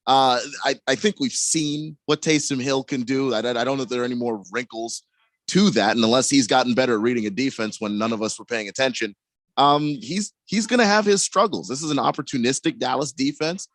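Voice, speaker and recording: A man's voice: medium pitch, a little fast, dry recording. Stammering male sports radio co-host. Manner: analytical, stammers on first words. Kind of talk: sports talk radio analysis. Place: radio studio.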